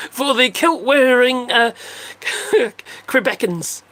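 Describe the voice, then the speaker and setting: A man's voice: very high voice, drawn-out words, fairly bright tone. An older man casually chatting on a livestream, rambling and joking as he answers viewer comments. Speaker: livestream host reading chat. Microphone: phone.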